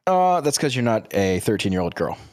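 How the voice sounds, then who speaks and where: A man's voice: lowish voice, big pitch swings, fairly quick, a little mellow, no room sound. Wry male podcast co-host, dry sound. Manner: wry, joking remarks. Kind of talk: casual chat. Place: home room by a window.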